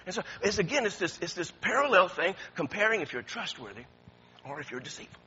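A man preaches a sermon with a high, bright, somewhat husky voice that swings widely in pitch. He chuckles often and stumbles over repeated words as he talks. The recording sounds dull and lo-fi. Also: very animated, quick pace.

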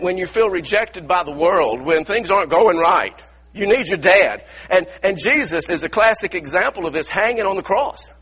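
Male preacher, husky and bright, impassioned sermon delivery, dull lo-fi sound. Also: high-pitched. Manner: impassioned, acts out biblical voices.

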